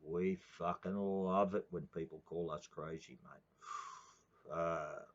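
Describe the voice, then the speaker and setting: A man's voice: low voice, steady tone, takes it slowly. An older man with an Australian accent rants in a profane, rambling monologue, tacking "mate" onto nearly every sentence. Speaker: political commentator. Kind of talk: ranting monologue. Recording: dull lo-fi recording.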